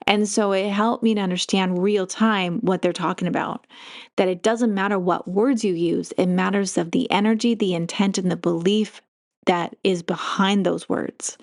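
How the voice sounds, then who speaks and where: Chatty woman hosting a spiritual talk. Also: mid-range voice. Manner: chatty, meandering, with frequent laughs; animated and expressive when retelling stories. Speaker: podcast host. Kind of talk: casual spiritual monologue.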